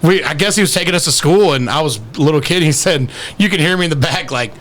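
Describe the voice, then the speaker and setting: Bright, high-voiced man. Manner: chimes in with quick reactions and laughter. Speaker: podcast co-host. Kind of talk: casual chat.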